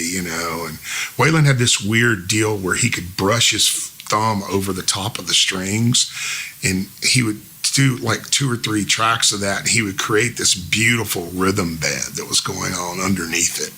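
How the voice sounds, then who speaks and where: A man in his fifties, a musician guest telling stories in a casual, animated way and imitating the people he quotes. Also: low-pitched, vocal fry, breathy edge. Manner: animated storyteller who mimics the people he quotes. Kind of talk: casual storytelling.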